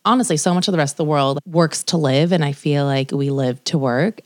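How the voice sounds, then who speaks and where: A woman's voice: deep voice, a little fast, darkish tone, no room sound, clean studio sound. A woman, a new mother, co-hosting a podcast in frank, emotional casual chat. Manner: emotional, reflective, frank, with frequent fillers. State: new mother two months postpartum. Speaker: podcast co-host.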